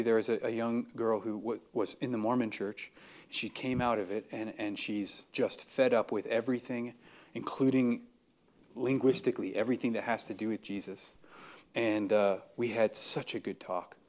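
A young adult man giving an earnest, conversational sermon, acting out everyday dialogue as he speaks. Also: mid-range voice. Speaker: preacher.

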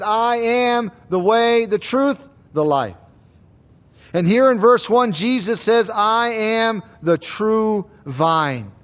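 A man preaching a sermon, slow and deliberate, repeating key words for emphasis. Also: high voice. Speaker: pastor.

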